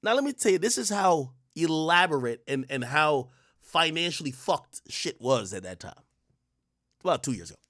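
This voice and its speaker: Animated slangy man telling a story. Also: on the high side, normal speed, no echo, studio quality. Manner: animated, swings between loud bursts and muttered asides; slangy, profane street talk. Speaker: streamer host. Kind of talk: casual storytelling monologue.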